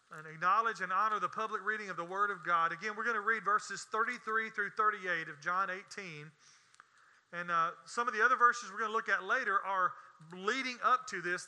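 A man's voice: high voice, bright, forceful tone. A man preaching a sermon in a folksy, emphatic way, with scornful asides. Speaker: pastor.

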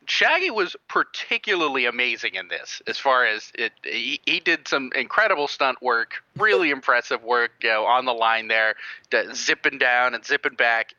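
Guy hosting a podcast, super bright voice, jumps all over in pitch, kinda dull lo-fi sound. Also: normal speed, no room sound. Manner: animated, rambling with restarts, laughs often. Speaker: podcast host. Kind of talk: casual chat.

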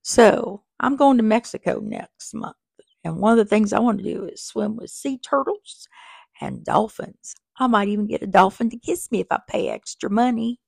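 Woman, podcast host, casual rambling chat, creaky voice, dry close sound, small office. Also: mid-range voice, moderate pace, no echo. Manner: chatty and rambling, with many fillers and asides. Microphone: small microphone.

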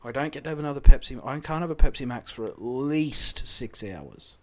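A man's voice: medium pitch, expressive, fairly quick, a little hiss or hum. An Australian man in casual podcast chat, rambling about his early-morning routine and cursing freely. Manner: rambling, swears freely, gets loud when riled.

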